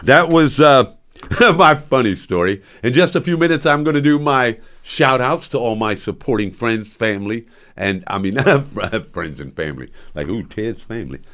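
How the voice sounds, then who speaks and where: Animated older man, laughing storyteller. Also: medium pitch, normal speed. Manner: laughs often, mimics voices in his stories. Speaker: show host. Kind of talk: casual storytelling monologue.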